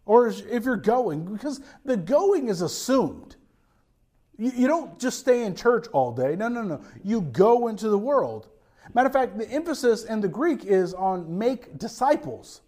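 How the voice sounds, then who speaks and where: A pastor giving an animated sermon to his congregation, with frequent restarts and quick asides. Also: high voice.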